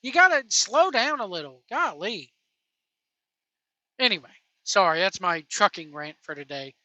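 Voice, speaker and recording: A woman's voice: medium pitch, big pitch swings, brisk, pushed and bright, no room sound, highs cut off. A woman giving a profane, mocking rant reacting to wrestling clips, talking while driving. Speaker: wrestling commentary vlogger. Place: in a vehicle.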